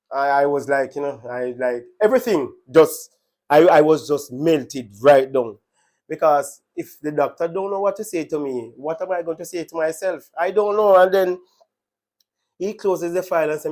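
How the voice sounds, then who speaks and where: Jamaican guy sharing his testimony, kinda high voice for a man, earnest and emotional, repeats himself a lot. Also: normal speed, darkish tone. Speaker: testimony speaker. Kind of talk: personal faith testimony.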